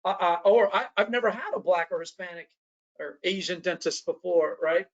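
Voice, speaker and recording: A man's voice: sits high, moderate pace, highs cut off. A man presenting an online training workshop, talking conversationally and often checking in with his listeners.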